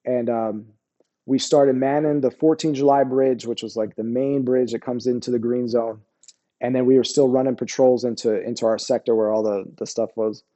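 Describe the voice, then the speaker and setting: This American man, middle-aged and a former soldier, swaps war stories in a relaxed, slangy interview, dropping "bro" and "you know what I mean" often. He speaks at a normal speed in a mid-range, dark voice with fairly even intonation.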